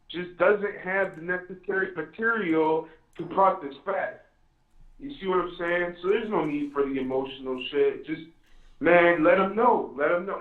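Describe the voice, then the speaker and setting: Man, phone caller, earnest, tinny echoey line, fairly high voice. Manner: earnest, repeats himself. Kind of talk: phone-in call.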